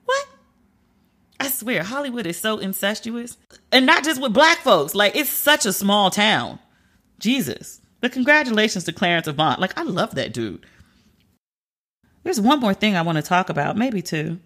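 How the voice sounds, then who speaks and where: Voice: mid-range voice, sing-song, moderate pace, sharp tone. A commentator reading entertainment news aloud in a casual, chatty way and reacting openly between the items.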